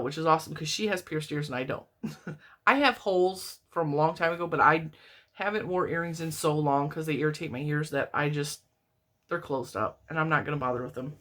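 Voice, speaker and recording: A middle-aged woman talks through her fan mail at home in an easygoing, rambling way. Her voice sits a little low, yet it leaps up whenever something delights her, and she laughs often between her sentences. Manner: chatty and rambling, laughs often, pitch leaps up when excited. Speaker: crochet vlogger opening mail from viewers. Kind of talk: casual chat. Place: home, indoors, TV on in the room.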